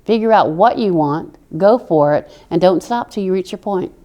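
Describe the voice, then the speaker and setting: A woman's voice: fairly low pitch, animated, normal speed, lo-fi sound. A middle-aged woman from Oklahoma with a Southern accent, telling stories in a chatty way as a veteran being interviewed. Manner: storytelling, chatty. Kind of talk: interview answers.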